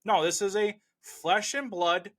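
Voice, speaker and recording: A man's voice: high-pitched, a little slow, fairly bright tone. A man hosting a movie review show, talking casually and enthusiastically, rambling with lots of fillers and restarts. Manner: rambling and enthusiastic, heavy on "you know" and restarts. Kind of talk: casual spoken film review.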